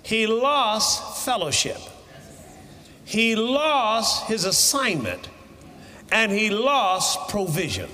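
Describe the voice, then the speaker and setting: Man, preacher, sermon, high lively voice, shouted bursts, echoey hall. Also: extremely slow.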